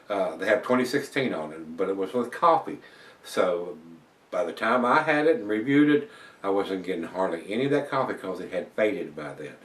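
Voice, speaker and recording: Brief: folksy male beer reviewer, fairly low voice, rambles, recorded off-mic with a roomy kitchen echo. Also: distant mic. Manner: rambling, folksy and chatty, with frequent fillers. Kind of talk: casual beer review vlog. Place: home kitchen.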